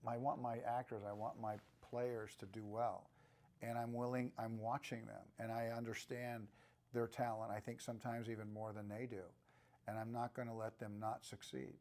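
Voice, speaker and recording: An older man in his sixties speaking as an actor in an interview. He answers in a relaxed, thoughtful way at a mid-range pitch and often restarts his sentences. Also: normal speed. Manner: relaxed, reflective, with frequent restarts. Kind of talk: press junket interview.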